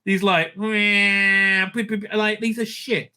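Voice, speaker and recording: A man's voice: high-pitched, flat delivery, takes it slowly, bright, forceful tone, clean tone. A man hosting a casual spoken review, sarcastic and crude, with many hesitant fillers. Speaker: show host, reviewer.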